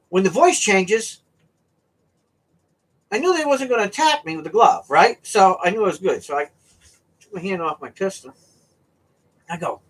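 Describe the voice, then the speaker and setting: A man from the US East Coast telling a casual fishing story, animated and often checking in with "right?". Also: high voice, moderate pace, pauses often. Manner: animated, keeps asking "right?". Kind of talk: casual anecdote.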